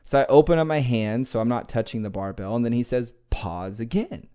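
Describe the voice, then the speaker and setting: A man hosting a podcast, telling a motivational personal story in a lively, conversational way with casual swearing. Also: medium pitch, fast talker, clean tone. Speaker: podcast host.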